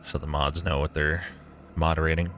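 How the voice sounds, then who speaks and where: A man's voice: extremely low pitch, level tone, moderate pace, fairly bright tone, a little hiss or hum. A young man streaming a game live, chatting with his viewers, swearing often and joking sarcastically.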